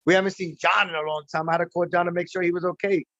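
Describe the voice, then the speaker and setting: Speaking in rapid-fire bursts, a man with a high, fairly bright, steady-toned voice rambles on a livestream about his team's playoff game. He's a baseball fan who's been drinking, laughing as he chats casually. The recording is dull, dry, lo-fi and free of echo.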